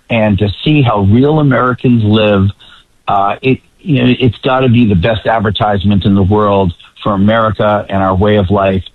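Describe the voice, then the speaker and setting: A male guest commentator from the Boston area with a faint Boston accent, chatting relaxed and hesitant on a radio show. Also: on the low side, no echo. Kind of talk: casual radio chat. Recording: tinny phone line.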